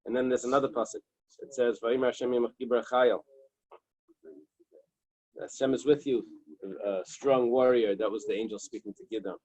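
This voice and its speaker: A man's voice: medium pitch, steady tone, moderate pace, pauses often, a little mellow, no room sound, poor audio. A man teaching an early-morning Talmud class, reading Hebrew and Aramaic text and translating it plainly, checking in with "right?" and "okay". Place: small synagogue study room.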